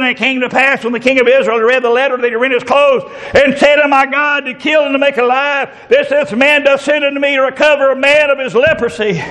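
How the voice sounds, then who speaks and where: A man preaching a sermon, often shouting and rising into fervent cries. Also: extremely high pitch, steady tone, fairly quick, hardly any pauses.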